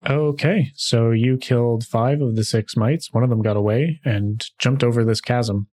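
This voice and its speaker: A man's voice: medium pitch, normal speed, darkish tone. A man hosting a podcast and narrating as game master, talking in an easygoing way with frequent filler sounds. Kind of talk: casual podcast chat and tabletop game narration.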